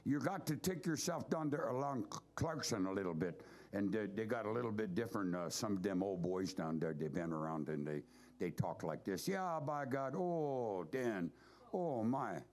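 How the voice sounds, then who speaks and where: A man's voice: deep voice, a little fast, a little mellow. A man leading a band, chatting to the audience between songs in a folksy, rambling way. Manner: folksy, rambling, says "by God". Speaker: bandleader and singer. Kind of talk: casual stage banter. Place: live show venue with audience. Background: guitar playing.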